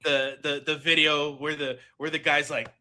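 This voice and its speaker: A man playing a tabletop game, talking casually and telling stories in an animated way, often laughing. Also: fairly high pitch, normal speed, a little hiss or hum.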